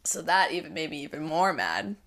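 A woman in her twenties telling a personal story as a podcast guest, chatty and animated, full of fillers. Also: low voice, a little fast. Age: 20s. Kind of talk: casual storytelling.

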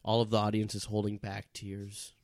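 A man's voice: lowish voice, completely flat delivery, moderate pace, a little mellow, no echo, studio quality. A man narrating improvised comedy scenes in a casual way, with fillers.

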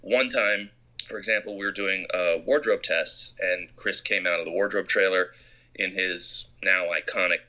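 A man's voice: low-pitched, moderate pace. A man from Arizona, a film director, telling anecdotes in an interview and acting out quotes. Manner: animated storyteller who acts out quotes.

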